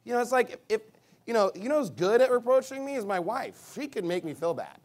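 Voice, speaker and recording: With a very high-pitched voice, this pastor preaches, giving scripture a slow reading that builds in emphasis. Lively, mocking asides and abrupt shouted bursts interrupt the reading.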